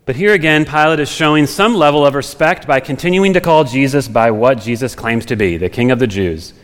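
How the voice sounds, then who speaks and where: A male pastor preaching in an easy, conversational way, thinking out loud with homely examples. His mid-pitched voice rings out with a long hall reverb behind it. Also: brisk. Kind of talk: expository sermon.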